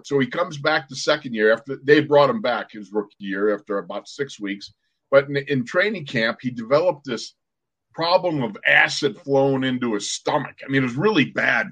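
A man's voice: mid-range voice, breathy edge. A man in his sixties, a former football player co-hosting a podcast, telling a story with energy and acting out sounds and voices. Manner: lively, acts out sounds and quotes. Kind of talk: animated storytelling.

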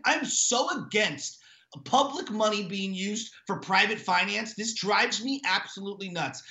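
A man co-hosting sports talk radio, ranting in an animated, emphatic way with lots of repetition. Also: high voice, echoey room.

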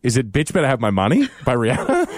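A man's voice: mid-range voice, a little hiss or hum. A man, a radio co-host who jokes about himself in casual banter. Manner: self-deprecating, joking.

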